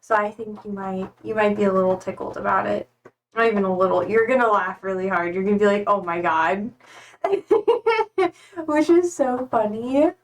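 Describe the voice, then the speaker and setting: Her voice is mid-range and her pace moderate as this young woman chats casually on a live stream. She rambles emotionally, often near tears and trying hard not to cry, speaking from a distance to the mic.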